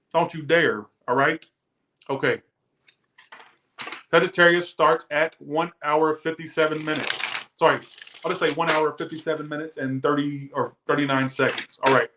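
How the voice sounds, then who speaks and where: A man's voice: on the high side, steady tone, normal speed, pushed and bright, roomy sound, a little hiss or hum. A man reading tarot who rants defensively and emphatically to his viewers in casual talk. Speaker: tarot reader.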